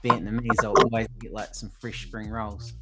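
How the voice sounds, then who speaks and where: A man's voice: lowish voice, little pitch movement, normal speed, over loud music. A man with a New Zealand accent, hosting a casual chat and rambling, with many "like"s and "you know"s. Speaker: host.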